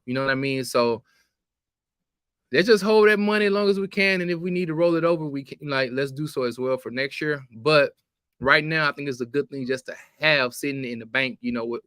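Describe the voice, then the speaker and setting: A man's voice: medium pitch, a bit bright, clean tone, no room sound, studio quality. A man co-hosting a casual live sports chat, laid-back and slangy, with some trash talk. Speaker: co-host.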